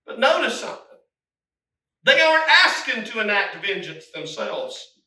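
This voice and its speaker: A man preaching a sermon, swinging from hushed, low passages to shouted, climbing appeals. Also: very animated, normal speed. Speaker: pastor. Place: church sanctuary. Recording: echoey room, mic from a distance.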